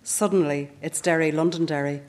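A Northern Irish woman in her fifties reading her own reflective first-person essay in a measured way. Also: low-pitched, steady tone, a little mellow. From Northern Ireland. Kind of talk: scripted first-person narration.

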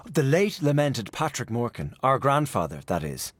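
A man voicing a genial gentleman in a storybook reading, telling a tale in a mock-grand, humorous manner. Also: medium pitch, very animated, moderate pace, no room sound, pitched above the performer's own voice.

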